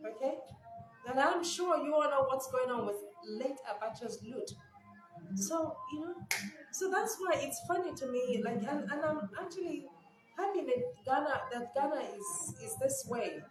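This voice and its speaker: A woman from Nigeria giving casual vlog commentary, animated and incredulous, laughing often. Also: high voice, normal speed. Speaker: news commentator. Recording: echoey room with background music.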